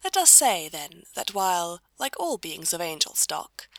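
A woman reads a story aloud with a wry, measured delivery. Her low voice carries a gravelly edge and a bright, forward tone. The sound is dry and close. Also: very animated, no echo. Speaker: narrator. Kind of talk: storybook reading.

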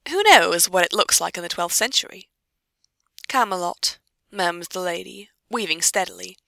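Bright, gravelly woman narrating. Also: fairly low pitch, a little fast, no room sound. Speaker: audiobook reader. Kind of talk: storybook narration.

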